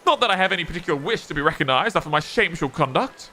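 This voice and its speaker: A man's voice: fairly high pitch, expressive, very fast, bright, forceful tone, soft background music. A man with an Australian accent reading the lines of a remorseful former convict, a whaler, in earnest, old-fashioned formal speech.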